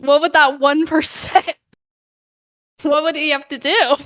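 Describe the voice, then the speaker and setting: A woman's voice: high voice, steady tone, slow pace, pushed and bright. A young woman co-hosting a podcast in casual chat, playful and teasing, often restarting her sentences. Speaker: podcast co-host.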